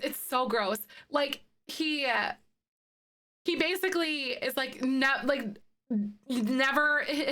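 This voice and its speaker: Bright-voiced young woman streamer. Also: high-pitched. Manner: chatty, reacting to chat with laughs and fillers. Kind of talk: casual live-stream chat while playing.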